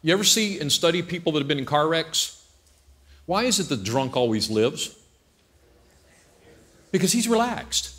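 A man's voice: a little high, brisk. A male pastor preaching a humorous sermon at a church service, acting out scenes and joking as he goes. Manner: animated storyteller who acts out scenes and jokes.

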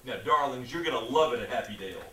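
A man's voice: medium pitch, lively intonation, fast, bright, forceful tone, a little hiss or hum. A young man on stage playing a flustered, coaxing nephew, heard from a far mic in an echoey hall. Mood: nervous, coaxing. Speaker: stage actor. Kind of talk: amateur stage play.

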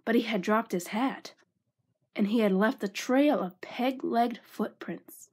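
A woman reading a children's storybook aloud. Her voice sits slightly high, and her delivery is expressive and clear. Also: measured pace. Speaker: narrator.

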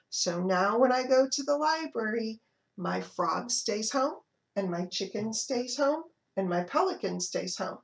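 A woman librarian reading picture books aloud to toddlers, in an expressive, animated storytelling manner. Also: medium pitch, a little slow. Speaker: children's librarian.

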